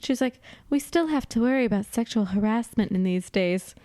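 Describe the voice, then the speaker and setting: A woman's voice: fairly high pitch, normal speed, dark tone, no echo. A woman co-hosting a casual podcast, recapping a film scene by scene, chatty and laughing often. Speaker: podcast co-host.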